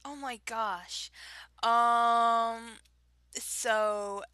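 A woman's voice: a little high, fairly even intonation, extremely slow, pushed and bright, clean tone, no echo. A young woman with a Southern US accent, chatting casually and self-mockingly with giggles while doing a word-list challenge. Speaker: vlogger.

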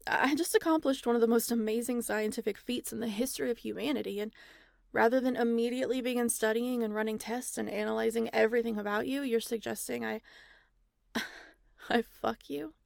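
A woman playing a frazzled, overworked scientist who has just cloned herself, talking in a flustered, stammering, excitable way in an erotic audio role-play. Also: fairly high pitch, a little fast, creaky, no echo, clean studio sound.

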